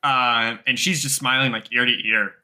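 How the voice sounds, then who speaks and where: A man's voice: mid-range voice, steady tone, moderate pace, sharp tone. A young man narrating a tabletop game as game master in a loose, casual way, with lots of fillers.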